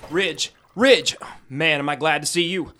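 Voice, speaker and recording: A man's voice: on the high side, unhurried, sharp tone, a little hiss or hum. A man playing a panicked, pleading young sheriff's deputy in a radio drama.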